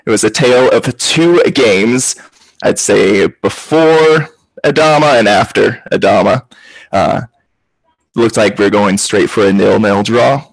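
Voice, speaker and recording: Male podcast host, husky and gravelly, rambling casual football chat on a video call. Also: on the low side, dry recording, poor audio.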